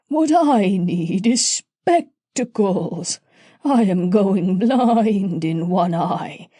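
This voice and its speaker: A woman voicing an old, weary plough horse who complains slowly and plainly. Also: medium pitch, animated, mellow, no echo, studio quality. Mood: complaining. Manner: slow, complaining, plain-spoken.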